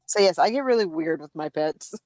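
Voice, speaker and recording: A young adult woman co-hosting a casual podcast, telling stories in a chatty, animated way. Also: low-pitched, a little fast, dry recording. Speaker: podcast co-host. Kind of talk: casual chat.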